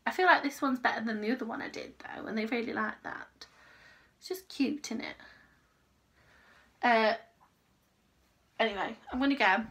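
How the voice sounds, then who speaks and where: Woman, casual rambling vlog chat, bright tone, fairly high pitch. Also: normal speed, long pauses. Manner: rambling, chatty, talks to her dog. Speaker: crochet vlogger. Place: home.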